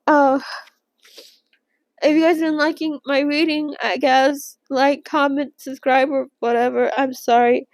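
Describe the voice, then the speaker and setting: A young woman reading a novel aloud in a casual read-along and reacting emotionally, with halting restarts and gasps. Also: sits high, level tone, no echo.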